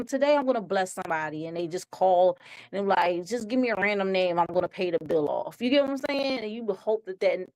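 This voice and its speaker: A woman's voice: mid-range voice, poor audio. Woman host just chatting and rambling on her show, super casual. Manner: rambling and conversational, full of "like" and "you know". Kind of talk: casual monologue on a web talk show.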